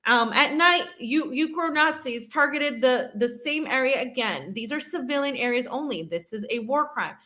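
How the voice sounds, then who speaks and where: A woman with a slightly high voice speaks earnestly as co-host of a political commentary show. She explains things at length and leans on fillers as she goes. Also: expressive, normal speed, few pauses, sharp tone, poor audio.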